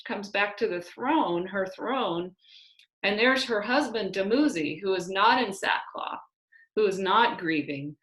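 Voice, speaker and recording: A woman retelling an ancient myth in a conversational way, pausing with fillers and restarting phrases. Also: fairly low pitch, a bit bright. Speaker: storyteller. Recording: roomy echo.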